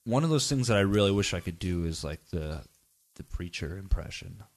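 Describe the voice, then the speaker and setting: American man, podcast host, joking loose chat, low-pitched voice. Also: expressive, fairly quick. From United States. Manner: joking, loose, swears casually.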